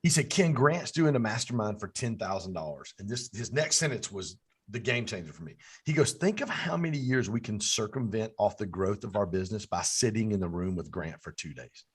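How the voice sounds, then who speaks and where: An excitable male podcast host with a slightly husky voice. His pitch climbs and dips a lot as he tells stories in an easy, conversational way. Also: brisk. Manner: animated storytelling, voice jumps up when excited. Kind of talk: casual interview chat.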